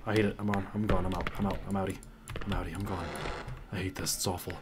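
A man doing let's-play commentary on a horror game. He talks to viewers in a hush, swears, and yells in panic. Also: low voice, flat delivery, fast. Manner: hushed and careful, then yelling in panic. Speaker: gaming video creator. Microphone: desk mic.

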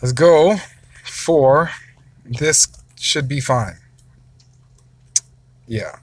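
A father giving gameplay commentary, excitable, wailing and shouting whenever a battle goes badly. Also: mid-range voice, extremely slow, slightly rough, no echo. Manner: excitable, wails and shouts over losses. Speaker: father, mobile gamer.

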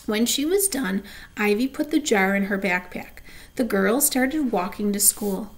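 A woman reading a children's chapter book aloud, gently, with small asides and slips. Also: medium pitch, a little slow, slight background noise. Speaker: storybook reader.

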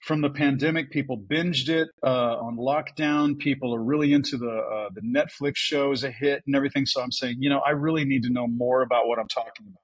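A man who works as a voice actor, telling stories in a casual podcast interview, animated and full of restarts. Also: mid-range voice, a little fast, few pauses, breathy edge, low-quality recording. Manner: chatty storyteller, animated with restarts. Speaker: voice actor guest.

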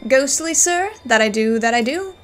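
A woman's voice: high voice, lively intonation, normal speed. A woman voicing a prim ghost conductor. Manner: formal, ends lines with "sir". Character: polite male ghost train conductor.

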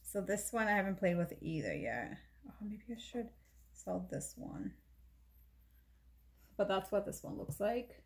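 A woman's voice: mid-range voice, big pitch swings, unhurried, pauses often. A woman beauty vlogger talking casually as she shows her makeup, chatty and rambling, often correcting herself mid-sentence. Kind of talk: casual chat showing makeup.

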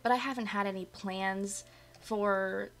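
A woman's voice: mid-range voice, fairly even intonation, a little slow, fairly bright tone. A woman streaming from her apartment, chatting with live viewers, her voice a bit dry and coughy after just waking up. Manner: bubbly, chatty, greets viewers by name. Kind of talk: casual chat with live viewers. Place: home apartment. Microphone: desk mic.

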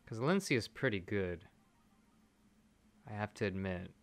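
Excitable man streaming a mobile game. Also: fairly low pitch, unhurried. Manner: excitable, rambling, thinks out loud.

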